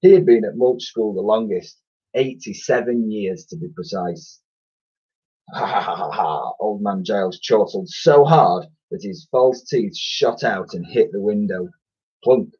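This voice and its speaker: A man's voice: fairly low pitch, moderate pace, dark tone, slightly rough. A man with an English accent, a primary school teacher, reading a children's story aloud in a chatty way with fillers and self-corrections, recorded at home on a computer mic. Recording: dull lo-fi sound.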